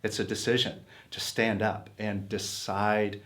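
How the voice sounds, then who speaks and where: A man's voice: fairly low pitch, little pitch movement, unhurried, a bit bright. A man teaching self-help in an earnest, coaxing motivational talk, posing questions to his listeners.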